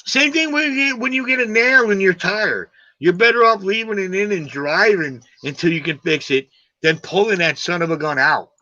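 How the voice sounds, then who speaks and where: Brash high-voiced American man ribbing his guest. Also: normal speed, dry recording, muffled recording. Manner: loud, joking, profane banter. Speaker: live stream host. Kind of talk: casual live stream chat.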